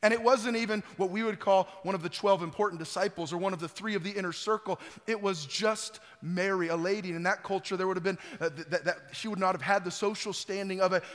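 A male pastor preaching an Easter sermon, swelling to loud emphasis and dropping to quiet, recorded in a church sanctuary. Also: sits high. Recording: church hall reverb.

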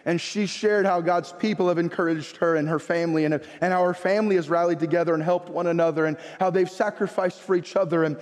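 A man preaching from the pulpit, reading scripture aloud and hammering home his points through repetition. His voice sits high for a man. The sanctuary's long reverb hangs after each phrase. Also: steady tone, fast talker, few pauses. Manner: preaching with rising emphasis and repetition, quoting scripture. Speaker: pastor. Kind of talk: sermon. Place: church sanctuary. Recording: long reverb of a church hall.

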